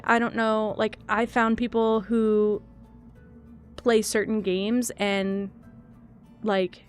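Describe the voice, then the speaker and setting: A woman's voice: medium pitch, clean tone. A young woman streamer chatting casually with viewers, rambling and self-deprecating, a little teary and laughing often. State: teary, crying. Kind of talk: casual live-stream chat.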